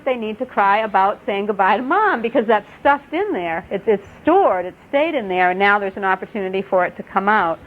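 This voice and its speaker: A middle-aged woman gives a parenting workshop, telling stories in a gentle, earnest way. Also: mid-range voice. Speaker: workshop presenter. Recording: dull lo-fi webcast audio, faint noise.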